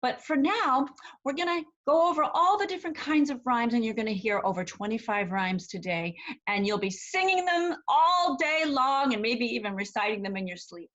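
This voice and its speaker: A woman playing a cheerful, motherly Mother Goose from the storybook, with a high, bright voice that lilts along in sing-song. She coaxes young listeners to join in and slips easily into sung nursery rhymes. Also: expressive, lo-fi sound. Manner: sing-song, warmly coaxing, addresses children directly; sings and recites rhymes, rapid tongue twisters. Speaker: children's library performer. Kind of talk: interactive nursery-rhyme show for children.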